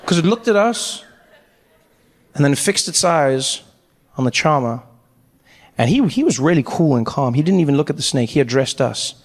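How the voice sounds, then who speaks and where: A man performing stand-up comedy, telling a story with animated delivery. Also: a little high, normal speed, pauses often, big-room sound. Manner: animated storytelling, jumping into voices.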